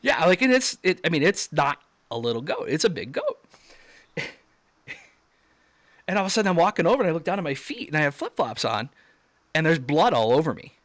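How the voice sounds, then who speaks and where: A man guest on a video call telling a story in a casual interview, acting out quoted shouts with sudden jumps up in pitch. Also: very animated, a little fast, long pauses, dry recording.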